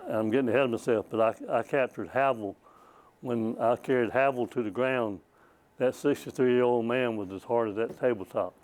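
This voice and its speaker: A man's voice: mid-range voice, darkish tone, poor audio. An older man, a former state trooper giving a rambling, folksy presentation at a small library talk, often repeating words as he goes. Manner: rambling, repeats words, chuckles at his own stories. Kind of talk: folksy storytelling lecture.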